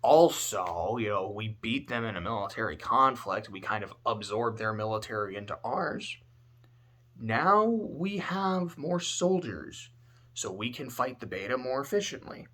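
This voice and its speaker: A man talking casually about a story, animated and swearing, swinging between loud outbursts and low muttering. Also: measured pace. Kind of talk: casual spoken commentary.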